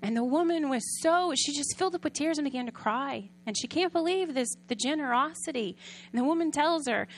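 Woman, preacher, sermon, somewhat high voice, conversational, asks listeners questions. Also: animated, a little fast, slight background noise.

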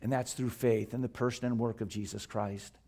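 A man preaching a sermon as pastor. He drops low and soft, then builds to loud, emphatic peaks, and slows down to stretch out the scripture quotes. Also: fairly even intonation. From United States. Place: church sanctuary.

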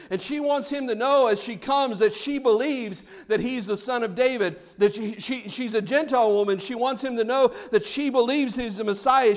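A male pastor with a strikingly high voice delivers a sermon. He acts out pleas loudly, then drops to a near hush for emphasis. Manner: dramatic, acts out quoted pleas, swings from loud to hushed.

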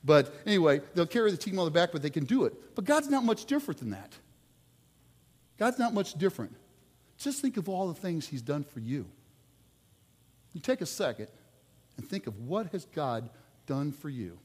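A man preaching a sermon, telling sports stories with lively swings between loud outbursts and quiet asides. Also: a little high, moderate pace, pauses often, breathy edge, in a large hall.

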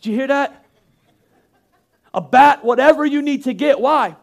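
High-voiced emphatic male preacher. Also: a little slow, creaky. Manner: emphatic, rhetorical, acts out quoted voices. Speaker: pastor. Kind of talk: sermon.

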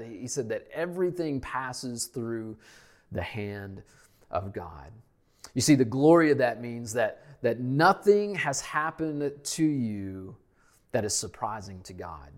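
A male pastor preaching a sermon, emphatic, repeating key lines and dropping to a hush at the ends of phrases. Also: mid-range voice.

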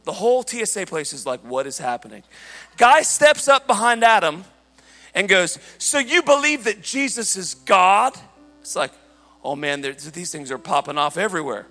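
A man preaching a sermon, telling a story in an animated way and shouting at the high points. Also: normal speed. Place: church hall. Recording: large hall reverb with faint music.

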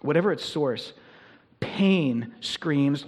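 A man's voice: sits high, expressive, normal speed. A man preaching a sermon to his congregation in a church, in an earnest, conversational manner that builds in intensity. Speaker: pastor. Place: church sanctuary.

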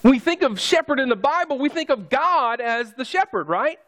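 A man's voice: very high voice, lively intonation, moderate pace, fairly bright tone. A man preaching a sermon, conversational and joking with his congregation. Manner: conversational, jokey asides to the congregation. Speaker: pastor.

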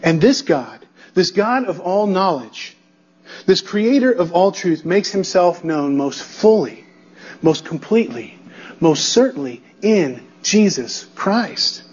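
Male pastor, expository sermon, emphatic, repetitive build, husky voice, muffled lo-fi sound. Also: high voice, lively intonation, slow, darkish tone.

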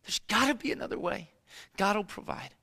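A man's voice: sits high, expressive, fairly quick, bright, forceful tone, heavily acted. A preacher voicing Abraham, a pleading faithful father. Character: devoted aged father Abraham, anguished but faithful.

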